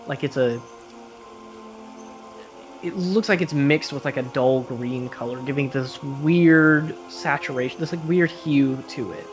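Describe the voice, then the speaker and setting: A man's voice: medium pitch, unhurried, faint music behind. Casual male game master describing scenes. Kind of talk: narrating a tabletop game.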